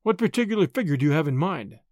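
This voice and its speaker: Brief: reader playing a bold, businesslike American suitor, lively delivery, dry close audiobook sound. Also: mid-range voice, fast talker, no echo, close to an everyday voice. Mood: blunt. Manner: blunt, businesslike, persistent. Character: brash, confident young American man. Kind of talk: audiobook character voice.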